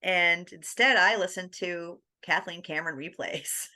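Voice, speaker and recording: A woman guest on an interview podcast, telling her story in a lively, animated way. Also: fairly low pitch, unhurried. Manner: animated, acts out quoted dialogue with laughs.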